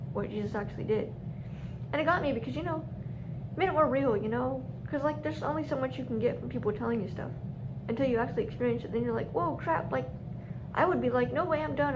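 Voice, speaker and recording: A woman's voice: on the high side, background noise. A young woman telling a story to her camera in a chatty way, laughing often and acting out what others said. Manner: chatty, laughs often, acts out quoted voices. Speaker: vlogger. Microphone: camera mic. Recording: muffled lo-fi camera audio.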